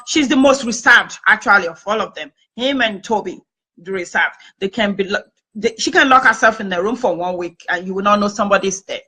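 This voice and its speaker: Middle-aged woman host telling a story, repeats herself for emphasis, bright forceful voice. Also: medium pitch, slightly rough, rough recording. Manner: emphatic, repeats phrases for effect. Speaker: host and family therapist. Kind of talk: personal storytelling monologue.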